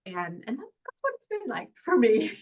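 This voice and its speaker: A woman's voice: sits high, a little mellow. A woman actress speaking as an interview guest, earnest and reflective and often laughing. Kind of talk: conversational interview. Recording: dull lo-fi audio.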